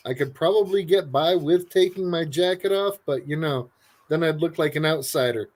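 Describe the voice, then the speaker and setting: Man, casual host, slightly high voice, easygoing, laughs a lot, tired. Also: normal speed. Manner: laid-back, laughs often. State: tired, yawning. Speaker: livestream host. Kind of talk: casual chat.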